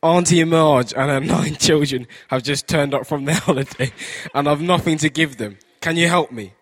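Pushy neighbour woman from a church children's story, read by a man, slightly high voice. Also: normal speed, fairly bright tone, no room sound. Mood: pleading. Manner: storytelling, reading her lines aloud. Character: pushy loud female neighbour begging for bread.

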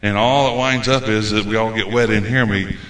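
A man preaching a folksy, animated sermon as a visiting preacher. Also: fairly low pitch, brisk, a little hiss or hum. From United States. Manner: folksy, animated, acts out quoted voices. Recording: echoey room.

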